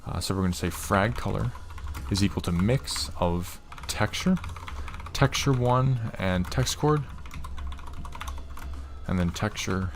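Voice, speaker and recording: A man's voice: on the low side, noisy background. A young man hosting a casual coding tutorial, rambling and swearing with exasperated asides at his desk mic. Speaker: programming tutorial host.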